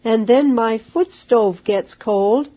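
A stubborn little boy from a storybook grumbles in a plaintive way, as a woman reads his lines. His voice sits a bit high and moves slowly. The recording is dull and lo-fi. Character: complaining little boy who hates long church services.

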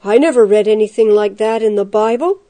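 A woman voicing an angry male prison guard who barks and shouts his orders. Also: mid-range voice, lightly acted. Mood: exasperated. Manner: barking, loud, drawn-out shouts.

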